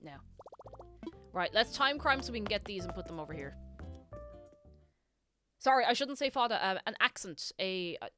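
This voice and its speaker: Woman, Irish accent, casual game stream, rambling chatter to chat, medium pitch, faint music behind. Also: lively intonation, moderate pace, long pauses, bright, forceful tone. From Ireland. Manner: chatty, scatterbrained, talks to chat.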